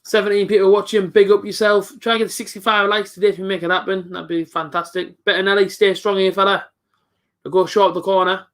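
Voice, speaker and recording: Young male fan streamer with a high voice, calling a match live in an excitable, chatty way and talking to his viewers. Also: quick pace. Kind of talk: live football reaction commentary.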